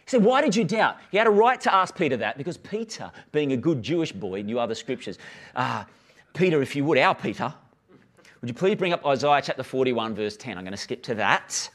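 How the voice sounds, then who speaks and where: A man's voice: medium pitch, a little fast. A man preaching a sermon in a church, telling stories with acted-out dialogue and inviting the congregation to join in. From Australia. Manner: animated storytelling, acts out dialogue, laughs easily. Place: church hall with live congregation and online stream.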